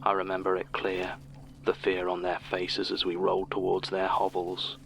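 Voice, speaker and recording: A flat, gravelly weary archivist. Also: male voice, normal speed, slight background noise. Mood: solemn. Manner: low, level, dry delivery. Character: weary male archivist, tense and guarded. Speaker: archivist reading statements. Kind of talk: audio drama acting.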